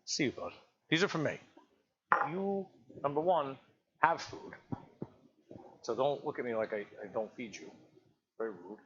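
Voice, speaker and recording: A man's voice: normal speed, long pauses. A man hosting a live cooking stream from his home kitchen, talking casually to viewers while he cooks. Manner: relaxed, chatty, coaxing his dog in a higher sing-song voice. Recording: slightly dull lo-fi stream audio with faint noise.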